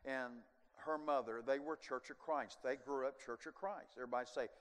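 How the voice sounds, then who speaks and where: An older man preaching a sermon, telling a personal testimony as an animated storyteller who swings from hushed to loud with chuckling asides. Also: mid-range voice, fairly quick. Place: large church sanctuary. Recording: long reverb of a large sanctuary.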